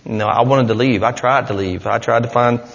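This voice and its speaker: A man's voice: mid-range voice, steady tone, a little fast, creaky, long reverb tail, lo-fi sound. A man giving an earnest, rambling personal testimony in church, with many restarts. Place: church hall.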